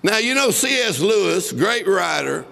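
A man's voice: sits high, big pitch swings, normal speed, creaky, noisy background. A man preaching a sermon, telling a story and breaking into bursts of laughter as he exhorts. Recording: long reverb of a large hall.

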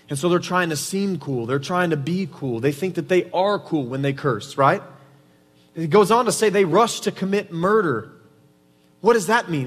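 High-voiced man preaching in a hall. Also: fairly bright tone. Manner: conversational preaching, frequent "right?" tag questions. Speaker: pastor. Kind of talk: sermon. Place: church sanctuary. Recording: reverberant hall.

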